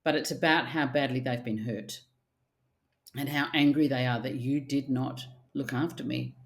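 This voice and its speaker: A middle-aged woman, a therapist speaking in casual podcast chat, animated and blunt, with the odd swear word. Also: extremely low pitch, normal speed, creaky. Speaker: archetypal therapist guest.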